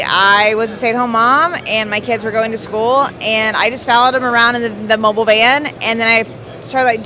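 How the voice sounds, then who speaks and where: A woman who runs an auto business, answering interview questions in a halting way with many fillers. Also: fairly high pitch. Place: busy trade show floor. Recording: crowd chatter behind.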